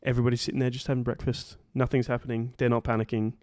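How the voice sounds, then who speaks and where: A young Australian man tells a story on a podcast in an easy, rambling way, dropping swear words and constant "like"s and "um"s. His voice sits at an ordinary middle pitch. It is recorded close and completely dry, with no room sound. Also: little pitch movement, rapid-fire, darkish tone, dry recording. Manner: rambling, swears freely, heavy "like" and "um" fillers. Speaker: podcast co-host. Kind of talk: casual storytelling chat.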